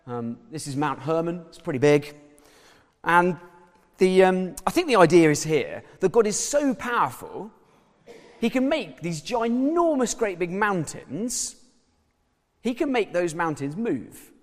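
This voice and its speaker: A man preaching a sermon with an animated, swooping delivery and a fairly high voice. He talks in a casual, conversational way. His voice rings out with a long reverb, as in a church hall. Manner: lively, conversational, uses props and slides.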